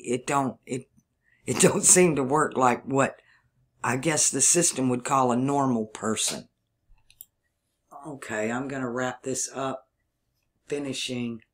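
Drawling Southern man musing aloud. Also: medium pitch. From Mississippi, US. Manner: digressive, thinks aloud, spells words out letter by letter. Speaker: video channel host. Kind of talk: rambling solo monologue.

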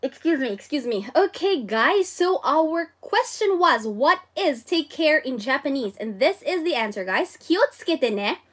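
Reading viewer comments during her casual livestream Japanese lesson, a Filipino-accented host is bubbly, full of exclamations and giggles, and code-switches as she goes. Her high-pitched, slightly bright voice is very animated, a little slow, and has few pauses.

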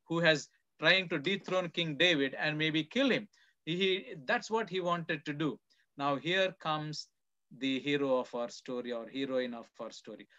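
High, bright-voiced pastor preaching a sermon. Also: male voice. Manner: asks the congregation questions and answers them himself.

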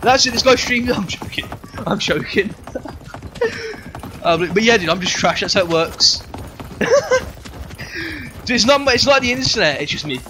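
A man's voice: high-pitched, lively intonation, moderate pace, pauses often, background noise. A young man livestreaming a game, bantering with chat in a sweary, joking way. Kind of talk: live game streaming chat.

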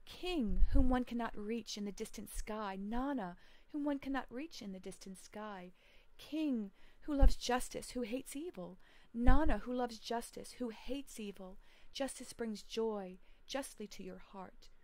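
A woman's voice: on the high side, measured pace, darkish tone, dry recording, voice pushed up. A woman reading the part of a sick, lost young male hero who solemnly pleads with the gods in prayer. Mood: pleading prayer.

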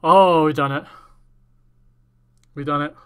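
Man, gaming commentary, shaky with excitement, swearing, bright sharp voice, dry close mic. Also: on the high side, takes it slowly, clean tone, no echo. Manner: overjoyed, shaky, repeats himself, swears. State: trembling with excitement. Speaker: gaming YouTuber.

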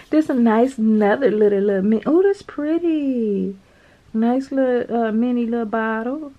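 Excitable chatty woman with a higher voice. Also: a little slow, phone-quality sound. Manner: chatty, excitable, calls viewers girl and y'all, laughs often. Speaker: nail art vlogger. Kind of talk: casual unboxing chat to camera.

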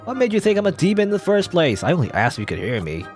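A man's voice: high-pitched, wildly swooping pitch, rapid-fire, faint music behind, voice pushed up. A man voicing a smug, chatty male guardian angel in a game, breezy and teasing. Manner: breezy, teasing, self-satisfied.

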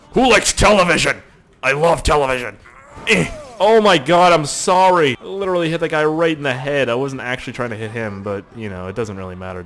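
A man narrates his video game play in a loose, joking stream of commentary, cursing freely and getting worked up easily. His pitch swings widely from phrase to phrase. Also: a little hiss or hum. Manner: excitable, profane, joking running commentary. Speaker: gaming commentator.

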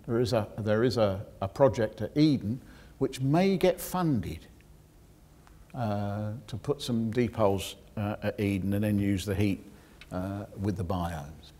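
A geoscientist giving a public lecture, explaining technical details with dry asides to the audience. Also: male voice, lowish voice, a little slow, dark tone.

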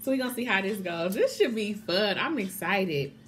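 A woman chatting casually to camera as a mukbang vlogger, excitable and calling her viewers y'all. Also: medium pitch, normal speed, slight background noise.

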